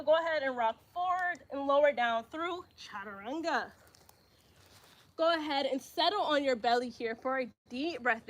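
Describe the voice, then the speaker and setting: A young woman yoga instructor, slightly out of breath, giving calm breathing cues with casual slang asides. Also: high voice. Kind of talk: live yoga class instruction.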